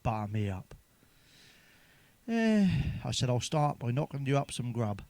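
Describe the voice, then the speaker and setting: Male comic, mid pitch, crude sweary monologue, chuckles at punchlines, dry recording. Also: big pitch swings, unhurried, darkish tone, no echo. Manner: sweary, chuckles at his own jokes. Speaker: stand-up comedian. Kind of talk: crude joke-telling monologue.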